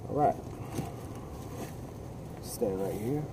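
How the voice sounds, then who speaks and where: A man's voice: on the low side, very slow, noisy background. A man casually talking through a handgun demonstration outdoors in the cold, rambling with folksy jokes and asides. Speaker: gun video host.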